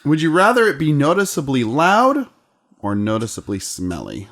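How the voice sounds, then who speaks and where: Lively-voiced male podcast host. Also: fairly high pitch, moderate pace. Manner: jokey, laughs often, reads questions aloud. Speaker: podcast host reading listener questions. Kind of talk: casual podcast banter.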